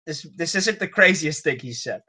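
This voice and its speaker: Lively, bright-voiced man bantering. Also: a little high, moderate pace, slightly rough. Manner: laughing banter, quoting stats. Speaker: podcast co-host. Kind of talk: casual hockey chat.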